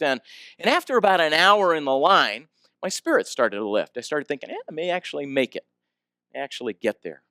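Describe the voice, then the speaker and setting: A man's voice: on the high side, clean tone, dry recording, clean studio sound. A man giving a storytelling talk, asking the audience questions and acting out the people in his story. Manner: animated storyteller, asks the audience questions, acts out quoted voices. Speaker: speaker.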